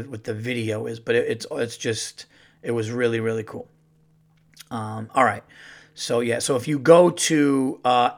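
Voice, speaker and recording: A middle-aged man, a comedian hosting his podcast, telling a casual story and acting out the dialogue. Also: mid-range voice. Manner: animated, acts out quoted dialogue.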